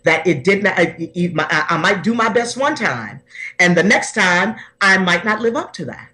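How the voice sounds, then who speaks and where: A woman's voice: fairly low pitch, lively intonation, normal speed, pushed and bright. A woman personal development coach speaking earnestly and from the heart as a podcast guest, often restarting her sentences.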